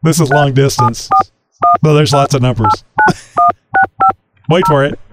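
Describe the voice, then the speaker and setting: A man hosting a casual podcast, chatty and quick to laugh. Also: medium pitch, over loud music. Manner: laughs easily, loose and chatty. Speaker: podcast host.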